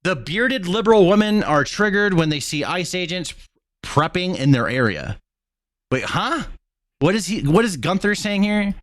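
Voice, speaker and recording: A male commentator reacts to clips in a slightly raised voice that swings widely in pitch. He talks bluntly and mockingly, cursing as he goes. The sound is dry and close, with no room around it. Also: very animated, normal speed, a bit bright, dry recording. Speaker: commentary host.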